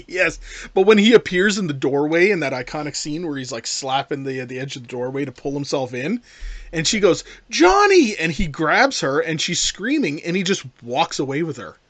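A man co-hosting a casual talk show, rambling and animated as he discusses a film. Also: a little high, normal speed, no echo. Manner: animated, rambling with restarts and playful impressions. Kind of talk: casual chat about a film.

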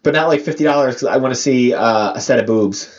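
Brief: man, podcast co-host, quick rambling joker, mid-pitched, dull lo-fi recording. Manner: joking, rambling, frequent filler words. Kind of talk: casual chat.

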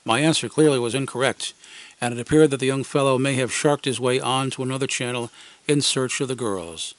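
A man's voice: medium pitch, a little fast, dry recording. Guy reading a wry little radio story, dry close mic, mid voice. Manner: wry, dry humor, acted quotes. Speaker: radio segment commentator. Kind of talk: scripted first-person storytelling segment.

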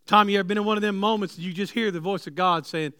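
A man preaching a sermon, moving between loud emphatic lines and soft, hushed ones. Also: sits high, fairly even intonation, rapid-fire, clear, resonant tone, no echo, clean studio sound. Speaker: pastor. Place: church sanctuary.

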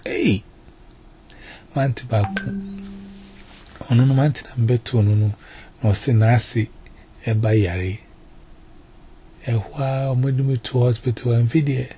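A man's voice: medium pitch, unhurried, pauses often, mellow, faint music behind. A man giving a personal testimony, repeating himself and mixing English words into his talk. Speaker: testimony giver.

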